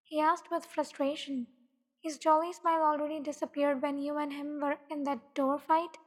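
A woman narrating a second-person fan fiction story in a steady, plain reading voice. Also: high voice, moderate pace. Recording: long echoing reverb.

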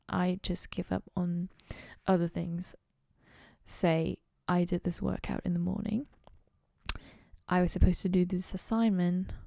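A young woman talks in a loose, rambling solo chat, often laughing at herself. Her voice is mellow and carries a gravelly fry, and she sounds close and dry with almost no room around her. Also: on the low side, no echo. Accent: playful put-on accent. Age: young adult. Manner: chatty, rambling, self-mocking. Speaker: university student podcaster.

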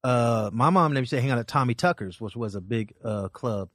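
A man's voice: mid-range voice, brisk, no echo. A male comedian telling stories as a guest, rambling with frequent restarts. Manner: rambling, animated, with many restarts. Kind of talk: casual storytelling chat.

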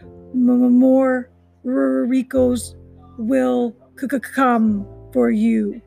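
Storybook reading: woman doing a broken male robot hunter, quiet and stammering, drawn out. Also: a little high, level tone, creaky, faint music behind, heavily acted, rough recording. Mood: faltering. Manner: stuttering, garbled, slow and quiet.

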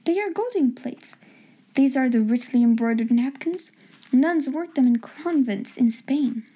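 Woman reader doing a hopeful young girl, raised voice, warm tone, eager, storybook. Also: sits high, expressive, unhurried, husky, full character voice. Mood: coaxing. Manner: bright, eager, wondering.

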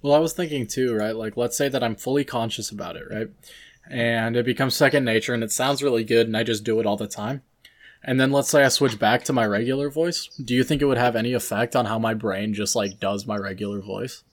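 A young man co-hosting a casual podcast, musing out loud with lots of fillers. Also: mid-range voice, steady tone, brisk. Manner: rambling, filler-heavy, musing. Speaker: podcast co-host. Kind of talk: casual chat.

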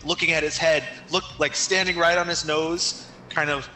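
A man's voice: on the high side, little pitch movement, normal speed, sharp tone, slight background noise, low-quality recording. A man playing a tabletop game, rambling through his character's actions with many fillers. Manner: rambling, filler-heavy narration. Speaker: player.

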